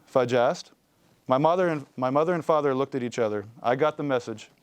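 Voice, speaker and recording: Man reading a kids' novel aloud, expressive, smooth resonant voice. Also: mid-range voice, a little fast, no echo. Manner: expressive storytelling. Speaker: guest reader.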